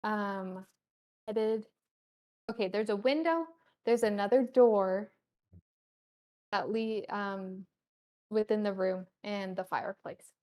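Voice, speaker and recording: A woman running a casual tabletop game as game master, halting and giggly, with many fillers. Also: medium pitch, darkish tone.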